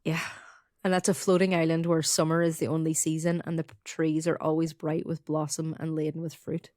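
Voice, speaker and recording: A young Irish woman co-hosting a podcast, retelling folklore in casual chat with quick, swearing asides. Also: low voice, flat delivery, a little mellow, no echo, clean studio sound. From Ireland. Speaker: podcast co-host.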